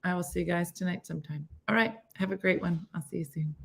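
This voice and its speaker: A woman's voice: fairly low pitch, fairly even intonation, quick pace, gravelly, crowd noise. A middle-aged woman hosting a casual morning show, playful and laughing as she stumbles over foreign words. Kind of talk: casual live-stream chat.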